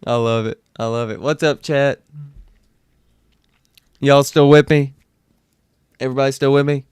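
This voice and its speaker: Young guy streamer, loose and profane, smooth voice, dry close sound. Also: medium pitch, fairly even intonation, a little slow, a little mellow, dry recording. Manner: rambling and profane, many restarts. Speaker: streamer reacting to clips. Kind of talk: casual reaction stream.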